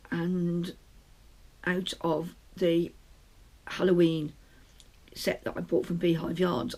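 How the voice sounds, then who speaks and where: A gravelly, husky-voiced British woman chats her way through a crafting update, rambling and stopping to restart her sentences. She talks from a small shut room at home. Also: lowish voice, steady tone, unhurried, a little mellow. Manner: rambling, chatty, self-interrupting. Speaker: podcast host. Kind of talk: casual knitting podcast chat.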